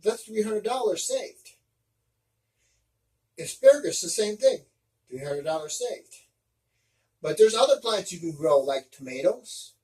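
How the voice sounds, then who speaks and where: A man's voice: high voice, expressive, measured pace, a little mellow, recorded from a distance, rough recording. A man giving casual step-by-step practical tips, often restarting his sentences as he explains. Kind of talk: casual instructional talk.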